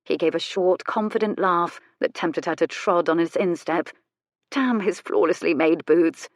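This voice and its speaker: A woman narrating a romance audiobook in a measured storytelling voice, sharpening into crisp retorts for the heroine. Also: lowish voice, no room sound, studio quality. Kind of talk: scripted narration.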